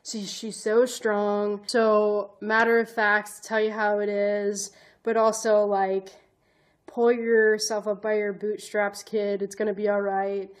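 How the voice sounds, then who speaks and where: Woman telling a personal story, flat delivery. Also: medium pitch, slow pace. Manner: rambling, heavy use of "like" fillers and restarts; earnest, emotional, self-conscious. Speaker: vlogger, advocate and educator.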